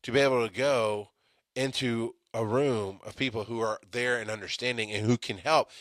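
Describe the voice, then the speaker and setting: A man's voice: mid-range voice, dry recording, clean studio sound. Rambling man telling an EMS story. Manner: rambling, many restarts, laughs at himself. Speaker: EMS podcast host. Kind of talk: casual storytelling monologue.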